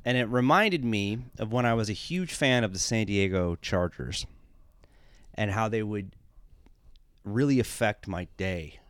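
A man's voice: on the low side, unhurried, clear, resonant tone, no echo. A man co-hosting a casual podcast, rambling and self-deprecating, often trailing off into a mumble. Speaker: podcast co-host.

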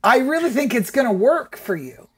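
A man guesting on a podcast with a very lively, swooping voice. He gives enthusiastic opinions and swears casually. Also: extremely high pitch, moderate pace, breathy edge. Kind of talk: casual chat.

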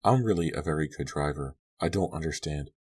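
A pouty, fretful teenage girl from an audiobook, read by a man. She talks in a light, worried way over a very deep voice. It is a plain storybook reading. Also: brisk, darkish tone, husky. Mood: pleading.

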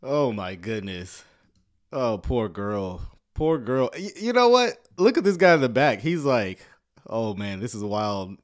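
A man casually commenting on a church video, joking and talking in a relaxed, slangy way. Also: medium pitch, a little slow. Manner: laid-back, joking, Southern US slang like "y'all".

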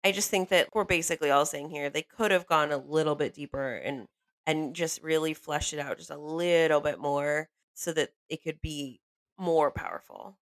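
Woman with a low voice on a movie podcast, thoughtful, keeps asking "you know what i mean". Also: moderate pace, no echo. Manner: thoughtful, checks in with listeners. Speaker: podcast panelist. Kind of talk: casual film discussion.

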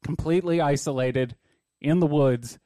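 Mellow-voiced man making wry remarks. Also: on the high side, normal speed, no room sound, studio quality. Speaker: podcast co-host. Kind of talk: casual chat.

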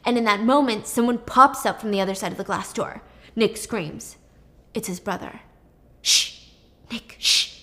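A woman's voice: medium pitch, moderate pace. Chatty young woman retelling a story. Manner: animated, chatty, swears casually. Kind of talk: casual plot retelling.

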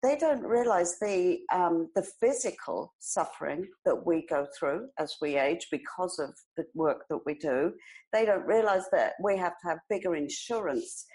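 Lively British woman, 60s, lower voice, storytelling guest with a bit of American twang. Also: moderate pace, rough recording. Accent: British, with some American twang. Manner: animated and expressive, laughs while telling stories. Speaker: guest, hairdressing educator. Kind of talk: conversational storytelling.

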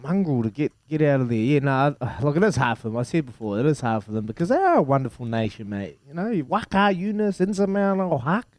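A man's voice: on the high side, big pitch swings, quick pace, hardly any pauses, darkish tone, dry recording. A man with a New Zealand accent hosting a breakfast radio quiz, in jokey, matey banter. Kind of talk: casual breakfast radio chat.

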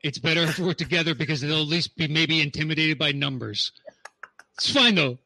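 A man's voice: fairly high pitch, brisk, sharp tone, dry recording, rough recording. A man co-hosting a podcast, teasing his partner with dry, sarcastic jokes. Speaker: podcast co-host. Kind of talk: casual chat.

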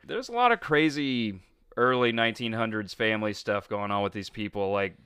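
A man with a medium-pitched, sharp, clean voice co-hosts a podcast, telling a history story in a casual chat. He laughs often and fills gaps with "like," and the recording is dry with clean studio sound.

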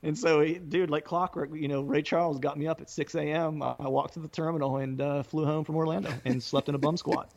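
A man's voice: fairly high pitch, fairly even intonation, a little fast, vocal fry, darkish tone. A man, a musician, telling a loose story in casual talk, full of fillers and frequent laughs. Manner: rambling, peppered with fillers, laughing often.

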